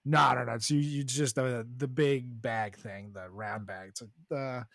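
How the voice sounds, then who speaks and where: A man's voice: medium pitch, steady tone, measured pace, gravelly, a bit bright, no echo, clean studio sound. A man co-hosting a podcast in casual chat, sweaty after boxing, swearing often and laughing a lot. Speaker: podcast co-host.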